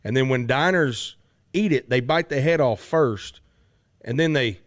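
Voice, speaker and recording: A man's voice: mid-range voice, unhurried, dry recording, studio quality. A man hosting a podcast, chatting casually and joking with his co-host and guest. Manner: joking, laid-back.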